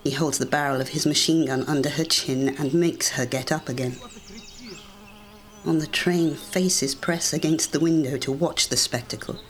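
An audiobook narrator giving a measured, deliberate reading of a scripted story. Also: medium pitch, fairly even intonation.

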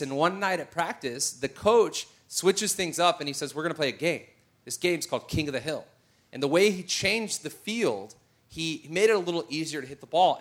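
A middle-aged man preaches, weaving a family story into his sermon. His voice sits a bit high, and he swings from quiet asides to excited shouts at the big moments. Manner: animated storyteller, shouts at peaks.

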